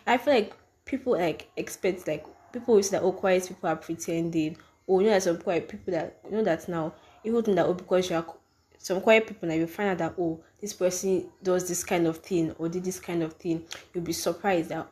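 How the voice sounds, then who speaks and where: A woman's voice: on the low side, a little fast, darkish tone. A young woman co-hosting a podcast, talking in a casual, emphatic way, often repeating her points and acting out the questions people ask. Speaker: podcast co-host. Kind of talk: casual chat.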